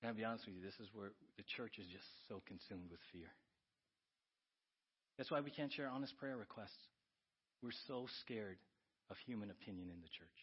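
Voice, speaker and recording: A pastor preaching a sermon, swinging between loud, urgent questions and quiet, confiding asides. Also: male voice, lowish voice, normal speed, long pauses, husky, muffled recording.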